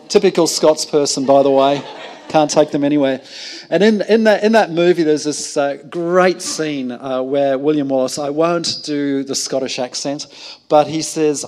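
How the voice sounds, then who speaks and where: A man's voice: on the high side, normal speed, darkish tone. A man preaching a sermon to a congregation, hesitant with frequent ums and restarts, breaking off for joking asides with the listeners. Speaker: pastor. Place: church service before a congregation.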